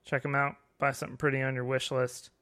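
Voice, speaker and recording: A man's voice: mid-range voice, completely flat delivery, fast talker, pushed and bright. A man hosting a casual live-streamed podcast, joking, swearing and laughing often. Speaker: podcast host.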